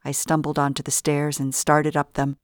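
A woman narrating a first-person audiobook in a steady storytelling manner. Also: sits low, moderate pace, dry recording, clean studio sound.

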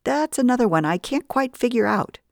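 A woman voicing a chatty, confiding librarian with a gossipy, lively way of talking, pitched well above her own voice. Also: fairly quick, creaky, dry recording, clean studio sound. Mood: somber.

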